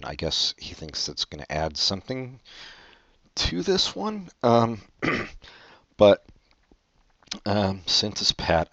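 A deadpan man reading comic letters aloud, his low voice rising and falling a lot. The sound is dry and a little dull, as on a lo-fi recording. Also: no echo. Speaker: comedy podcast host.

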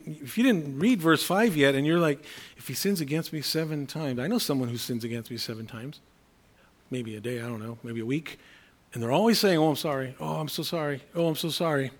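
A man with a slightly raised pitch preaches a sermon conversationally. As he explains verses, he slips into the voices of imagined people.

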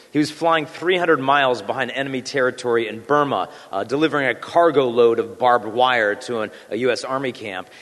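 A man's voice: mid-range voice, fairly bright tone. Man speaking in a reverberant hall. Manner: conversational and self-deprecating with fillers and restarts. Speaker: Catholic speaker. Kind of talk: prayer then a talk to a church audience.

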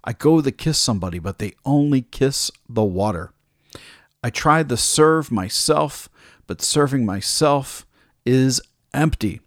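A man's voice: mid-range voice, animated, measured pace, no room sound, clean studio sound, close to an everyday voice. A man voicing a vain and conceited handsome young man in a told myth, speaking with emotion. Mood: mournful. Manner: shouting, then mournful.

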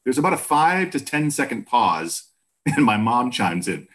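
A man's voice: mid-range voice, a little slow. A man in his fifties from Boston, a former news broadcaster, telling stories in a casual interview and acting out other people's voices. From Boston, USA. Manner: animated storyteller who acts out other people's voices.

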